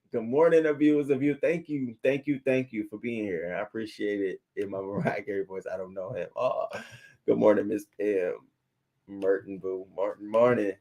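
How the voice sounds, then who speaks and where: A man hosting a celebrity gossip live stream, chatting in a casual, animated way and greeting viewers in the chat. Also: fairly low pitch. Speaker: celebrity gossip show host.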